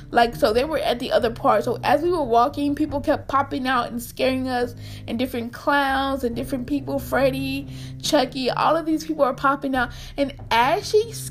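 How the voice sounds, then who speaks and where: High-voiced young woman telling a story. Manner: animated, repeats herself, acts out quotes in squeaky voice. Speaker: storyteller vlogger. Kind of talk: casual storytime to viewers.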